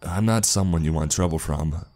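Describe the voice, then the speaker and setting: Guy doing a composed big soldier, quiet menace, funny accent, deep low voice. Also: moderate pace, faint music behind, natural voice. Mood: calm threat. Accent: funny accent, put on. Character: calm, composed, big male soldier storyteller.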